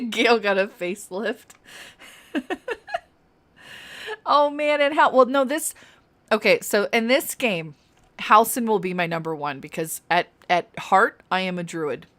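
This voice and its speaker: A woman's voice: on the high side, lively intonation, slow, long pauses, a bit bright. A young adult woman streaming a fantasy game, chatting casually and giggling as she plays. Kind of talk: casual gameplay commentary.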